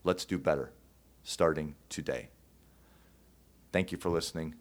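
A man hosting his own show, speaking to listeners in an earnest, emotional monologue with pauses and restarts. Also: very deep voice, fairly even intonation. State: choked up at times. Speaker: podcast host. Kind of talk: heartfelt monologue.

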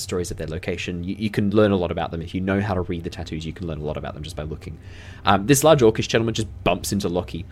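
Deep male game master, relaxed, rambling, lots of ums, tabletop game narration. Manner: relaxed, rambling, many fillers.

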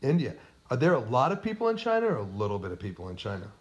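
A man's voice: medium pitch, huge pitch swings, rapid-fire. Man quizzing his co-host playfully. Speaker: podcast co-host. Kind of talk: casual history podcast chat.

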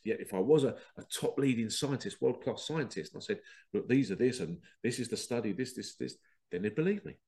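Animated man, chatty monologue. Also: medium pitch, brisk. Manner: animated, self-laughing, quotes others in dialogue. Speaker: podcast host. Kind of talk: casual monologue.

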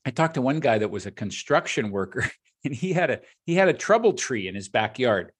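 A man's voice: mid-range voice, fairly quick, husky. A middle-aged man hosting a podcast, telling stories in a reflective, conversational way. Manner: storytelling, reflective, animated. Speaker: podcast host, leadership coach.

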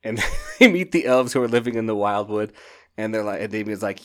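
A man hosting a podcast, chatting casually and excitedly about books in a rambling way, often laughing. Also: fairly low pitch, brisk. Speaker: podcast host. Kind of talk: casual book review chat.

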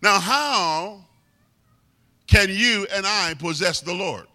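High, sharp-voiced man preaching. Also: animated. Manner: emphatic, drawn-out repetition of key words. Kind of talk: sermon.

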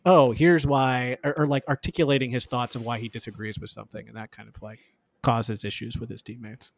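A man's voice: mid-range voice, fairly even intonation, fast, gravelly, dry recording. A man co-hosting a podcast, chatting casually in a blunt, snarky way. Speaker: podcast co-host. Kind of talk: casual chat.

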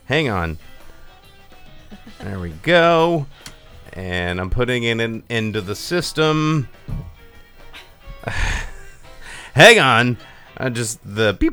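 A man's voice: medium pitch, sing-song, extremely slow, pauses often, bright, forceful tone, smooth, soft background music. A young man hosting a podcast, ranting sarcastically in casual chat and swearing freely. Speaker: podcast host.

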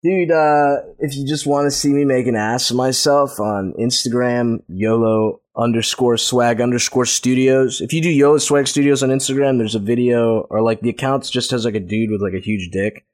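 A man's voice: medium pitch, steady tone, normal speed, hardly any pauses. A man talking as a guest in a casual podcast chat, laid-back and jokey.

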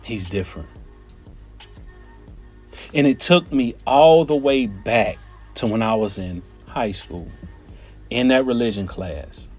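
A man telling a personal story in an animated, conversational way, often turning to his listeners with "right?" and "y'all". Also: medium pitch, a little slow, faint music behind.

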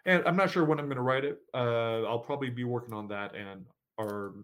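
Man, horror author, casual vlog chat, rambling, filler-heavy, mid pitch. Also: brisk, fairly bright tone.

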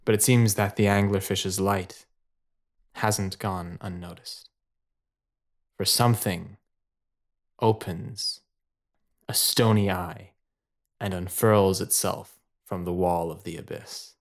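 A man's voice: sits low, fairly even intonation, takes it slowly, long pauses. A man narrating an improvised shared story, laughing often and rambling loosely.

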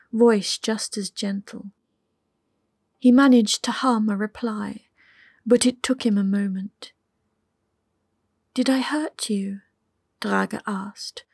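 A woman narrating an audiobook in a soft, intimate way that often drops to a whisper. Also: mid-range voice, no room sound, clean studio sound. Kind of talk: scripted narration.

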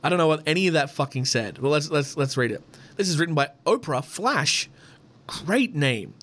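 A man's voice: a little high, expressive, normal speed, a bit bright. A man hosting a podcast in a loose, rambling way, chatting and swearing freely. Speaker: podcast host. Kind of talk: casual podcast chat.

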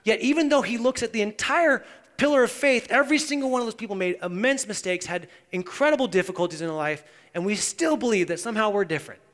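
A male pastor with a high, light voice delivers a sermon. His sound rings with the long reverb of a church sanctuary. He drops to hushed intensity, then rises to loud, animated emphasis. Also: fast.

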